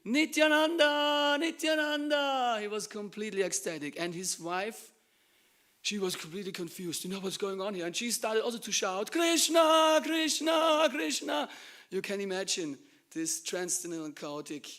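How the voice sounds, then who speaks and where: A male preacher in a temple, telling a devotional story in an animated way and acting out the lines of its characters. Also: sits high, a little fast. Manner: animated, acts out quoted lines, bursts into chanting.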